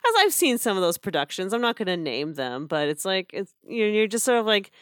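A woman's voice: mid-range voice, very animated, brisk, no echo, studio quality. A woman co-hosting a casual podcast chat, chatty, with frequent laughs and restarts. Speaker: podcast co-host reviewing theater.

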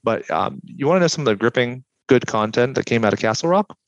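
A young man chatting on a podcast with dry, sardonic deadpan humor. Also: mid-range voice, fast talker, no room sound, lo-fi sound. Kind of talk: casual chat.

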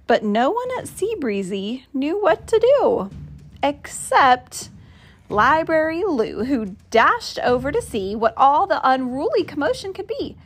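A woman reading a children's picture book aloud, with expressive storytelling. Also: sits high, a little slow.

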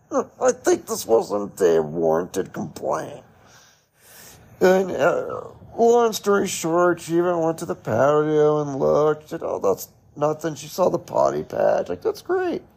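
A man's voice: on the high side, big pitch swings, takes it slowly, creaky, darkish tone. A man hosting a podcast, casually telling a story in a chatty way, laughing often and restarting his sentences. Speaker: podcast host.

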